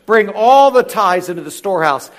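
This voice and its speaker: Male pastor, high voice, emphatic preaching, slow deliberate scripture reading. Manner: animated, rising to emphatic preaching; reads scripture slowly and deliberately. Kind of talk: sermon.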